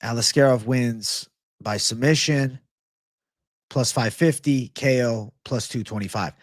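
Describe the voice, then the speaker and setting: A man's voice: medium pitch, measured pace, no room sound. A man hosts a live betting stream from a small room, talking casually and with plenty of hype. He swears freely and reacts aloud to his chat. His mid-range voice sounds dry and close to the mic. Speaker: livestream host giving betting picks.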